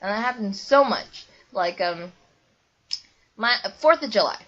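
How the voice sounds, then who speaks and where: A woman's voice: medium pitch, expressive, a little slow. A young woman vlogging casually to camera, rambling with lots of ums and likes. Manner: rambling, many ums and likes, bursts into loud squeals when retelling. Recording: dull lo-fi webcam audio.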